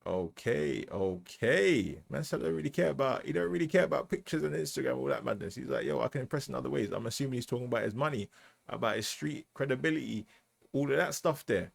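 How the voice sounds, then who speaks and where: A British man reacts to a music track with casual, slangy commentary, frequently asking "you know what I mean." His mid-pitched voice is gravelly and lively in intonation, and he talks fast.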